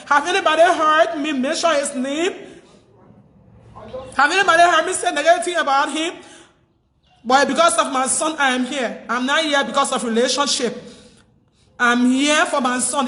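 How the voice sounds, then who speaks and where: High, piercing crying Liberian woman. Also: pushed and bright, big-room sound. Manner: pleading, insistent, repetitive. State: crying, distressed. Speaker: livestreamer. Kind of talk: emotional livestream plea. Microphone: phone.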